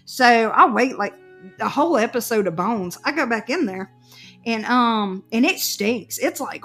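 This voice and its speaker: A woman telling a story in casual chat, exasperated and animated. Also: fairly high pitch, measured pace, faint music behind.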